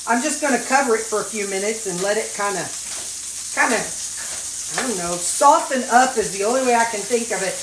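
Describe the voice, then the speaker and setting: A woman's voice: a little high, expressive, normal speed, background noise. A woman vlogger cooking at home in a casual, folksy way, chatting to her viewers and dogs. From Missouri, USA. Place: home kitchen. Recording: echoey kitchen with sizzling skillet.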